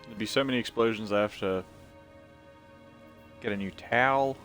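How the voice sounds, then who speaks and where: Low-voiced man rambling over a game. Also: normal speed, a bit bright, faint music behind. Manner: rambling, joking, reads game text aloud. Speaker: video game streamer. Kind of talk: casual gameplay commentary.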